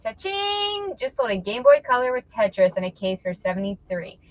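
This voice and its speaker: A woman's voice: high-pitched, big pitch swings, moderate pace, gravelly, no room sound, dull audio. A middle-aged woman hosting an online reselling show, chatting playfully and teasing her viewers while she lists items. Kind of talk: casual live-stream chat while listing items.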